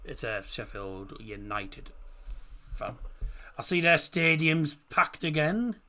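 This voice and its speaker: A man's voice: on the high side, lively intonation, slow pace, pushed and bright. A man hosting a casual football watchalong stream, rambling through chat messages with lots of fillers.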